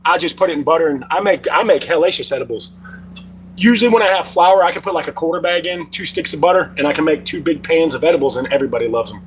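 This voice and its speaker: Livestream host: middle-aged man, slightly high voice, loose profane storyteller, faint hum behind. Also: fast talker, rough recording. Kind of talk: casual livestream chat.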